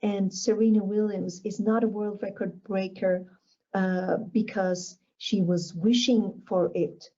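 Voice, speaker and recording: A woman delivers a motivational keynote in an unhurried, deliberate way, leaning on repeated phrases for emphasis. Her voice is mellow and warm. The recording sounds dull and lo-fi. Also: mid-range voice, steady tone. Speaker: motivational speaker.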